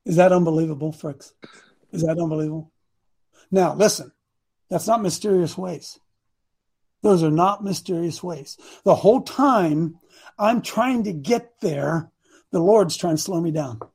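A man preaching a story-driven sermon, animated and bursting into shouts for emphasis. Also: on the high side, a little slow, pauses often, husky.

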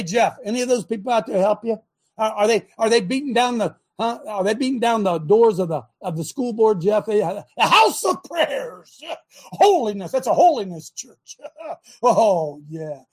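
Husky high-pitched man ranting sarcastically. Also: lively intonation, normal speed. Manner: sarcastic, mocking; swings between shouting and muttering. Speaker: talk show host. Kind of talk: impassioned preaching-style rant.

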